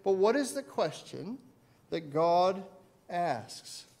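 Guy preaching a sermon, higher voice, gets loud then drops real quiet. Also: very animated, slow pace, creaky. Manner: dynamic, swinging between loud emphasis and quiet asides; asks the congregation questions. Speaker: pastor.

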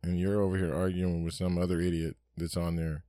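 A man's voice: low-pitched, level tone, brisk, warm tone, clean tone, dry recording, clean studio sound. A young man co-hosting a podcast, chatting casually, swearing freely and telling stories with acted-out quotes. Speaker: podcast co-host. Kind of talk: casual chat.

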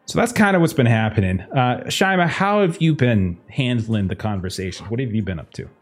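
A male game master narrates the scene in a loose, rambling way, leaning on fillers. His voice is a little husky and moves about animatedly in pitch. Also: animated, brisk, faint music behind.

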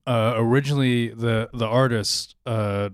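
A man's voice: medium pitch, steady tone, a little slow, smooth, dry recording, clean studio sound. A man co-hosting a casual podcast, joining in hesitantly with bits of research. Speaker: co-host.

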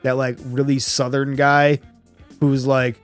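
A man co-hosting a casual podcast, ranting with animated, profane talk. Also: mid-range voice, slow pace, smooth, faint music behind. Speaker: podcast co-host.

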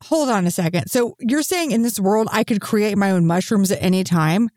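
A co-host with a mid-range voice keeps up a playful, teasing patter on a casual podcast. The jokes tumble out as quick riffs. It is recorded close and dry. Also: mid-range voice, expressive, darkish tone, no room sound. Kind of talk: casual chat.

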